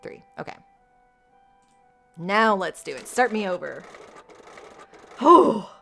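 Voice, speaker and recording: A woman streaming a mystery game live, reacting excitedly, gasping and swearing as she talks to her chat. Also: medium pitch, slow pace, creaky, pauses often, soft background music. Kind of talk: live gameplay commentary.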